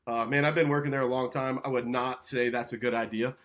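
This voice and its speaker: An animated man tells a story as a podcast guest. He talks casually, often checks in with "right?", and slips into the voices of the people he quotes. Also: medium pitch, fast.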